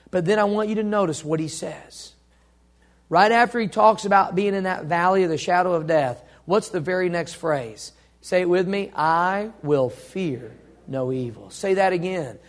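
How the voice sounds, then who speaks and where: A high-pitched man preaching from the pulpit. He calls on the congregation to repeat lines back to him, and he swings from ringing emphasis down to slow, hushed delivery. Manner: call-and-response preaching, dynamic swings from loud to hushed. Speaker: pastor. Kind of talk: sermon.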